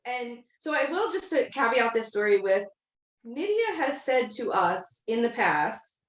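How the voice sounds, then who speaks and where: A woman's voice: fairly high pitch, sing-song, measured pace, echoey room, rough recording. A woman co-hosting a podcast, telling stories in casual chat, laughing often and swearing freely. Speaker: podcast co-host.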